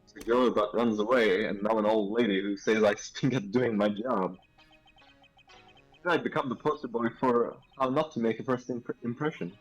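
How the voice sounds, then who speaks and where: A man's voice: fairly low pitch, normal speed, soft background music, low-quality recording. A man playing a game with friends, reading dialogue aloud hesitantly and joking about how to voice characters. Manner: hesitant, self-conscious about doing voices. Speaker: game streamer.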